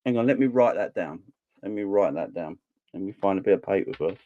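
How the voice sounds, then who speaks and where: A man's voice: deep voice, lively intonation, fairly quick, dark tone, no room sound, lo-fi sound. A man in his forties from southern England, hosting a casual live stream and chatting back to viewer comments. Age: 40s. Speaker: fan channel host.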